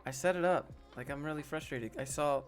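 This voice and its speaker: A man's voice: a little high, fairly quick, soft background music. Casual man hosting a live stream. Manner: casual, joking, talks to chat by name. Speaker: host.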